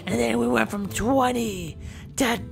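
A woman's voice: fairly high pitch, measured pace, vocal fry, soft background music. A woman voicing a chatty young bottlenose dolphin who tells a rambling tale in character over game footage, stammering and repeating herself. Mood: grim. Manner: rambling, stammering storyteller full of fillers and repeats.

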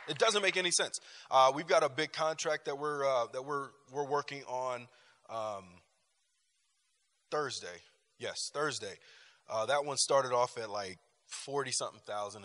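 Male class teacher, emphatic and repetitive, forceful bright tone, church room with long reverb. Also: mid-range voice. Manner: emphatic, repeats phrases and restarts often. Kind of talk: lively class talk with personal stories.

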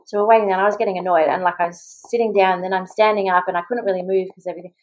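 A woman's voice: mid-range voice, fairly even intonation, slight background noise, poor audio. A young Australian woman, a mother, chatting as a podcast guest and telling her story with lots of "like" and quoted voices. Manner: chatty, quick, full of "like" and acted-out quotes. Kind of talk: casual storytelling in an interview.

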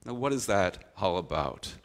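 Low-voiced man preaching a sermon. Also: normal speed. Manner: expressive storytelling preacher, voice swings from loud to quiet. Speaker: pastor.

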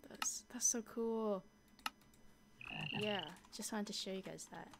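A young woman chatting casually through a modded block-building game, easily scared and quick to shriek at monsters. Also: mid-range voice, steady tone, creaky, very noisy. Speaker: gaming YouTuber. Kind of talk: casual gameplay commentary.

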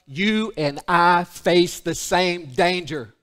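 A man preaching a sermon, alternating emphatic declarations with hushed, intimate passages. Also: high-pitched, sing-song, takes it slowly, few pauses. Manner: emphatic, drops to a hushed intimate voice for solemn points.

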